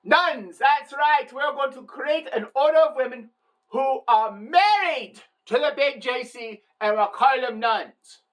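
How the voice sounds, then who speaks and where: A woman's voice: sits high, animated, a little slow, distant mic, rough recording. A woman putting on pompous Italian church elders. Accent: Italian, put on badly. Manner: pompous, deciding church rules aloud.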